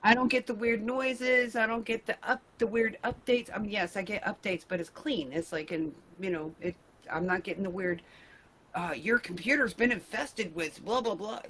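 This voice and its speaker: A middle-aged woman hosting a casual video-call chat, animated and laughing, with mock-exasperated asides. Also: medium pitch, normal speed, poor audio. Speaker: host.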